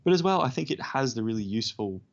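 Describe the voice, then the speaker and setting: A man's voice: medium pitch, very animated, fast talker. A man co-hosting a podcast, telling a self-deprecating story in casual chat. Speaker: podcast co-host. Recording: dull lo-fi podcast audio.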